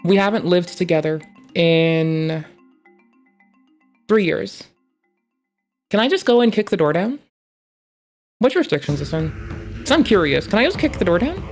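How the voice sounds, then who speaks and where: A streamer talks at an ordinary middle pitch in a loose, rambling reaction chat. The speech is playful and full of swearing. Faint music plays underneath. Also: expressive, measured pace, long pauses. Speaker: live streamer.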